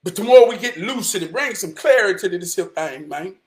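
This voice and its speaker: A man telling a coaching story and preaching about God, dropping to a hush for some lines, shouting and singing others, in casual Southern slang. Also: high-pitched, lively intonation, a little fast. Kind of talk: spirited inspirational talk, preaching and singing.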